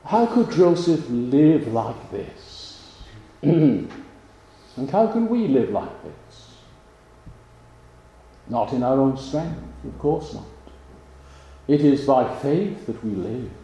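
A man preaching a sermon in a slow, measured way, leaning on pauses for emphasis. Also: medium pitch, gravelly, dark tone. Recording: roomy, echoey sound.

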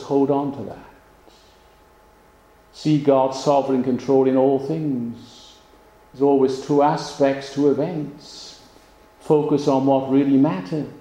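A man preaching a sermon in a slow, measured way, leaning on pauses for emphasis. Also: mid-range voice, creaky, dark tone. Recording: roomy, echoey sound.

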